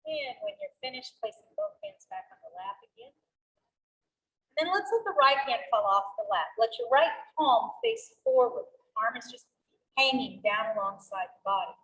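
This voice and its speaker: A middle-aged woman teaching a seated yoga class, calmly cueing each breath and movement. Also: fairly high pitch, normal speed, low-quality recording. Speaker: yoga instructor. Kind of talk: guided chair yoga class.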